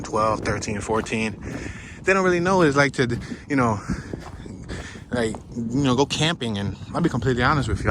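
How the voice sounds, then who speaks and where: A man casually narrating his hike on a wooded marsh trail outdoors, playful and excitable, whooping and laughing as he walks. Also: medium pitch, noisy background. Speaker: vlogger narrating a hiking walk. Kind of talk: casual walk-and-talk narration.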